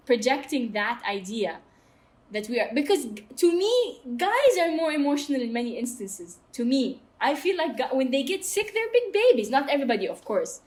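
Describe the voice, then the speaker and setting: A woman in her thirties from Saudi Arabia, talking candidly and emphatically as a podcast guest. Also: sits high. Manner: outspoken and emphatic, quick asides. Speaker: guest, mountaineer.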